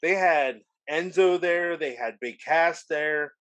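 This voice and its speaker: A man's voice: fairly high pitch, slow pace, fairly bright tone. A man as a podcast guest, telling a story in an easygoing way, full of fillers like "like" and "dude". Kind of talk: casual wrestling podcast chat.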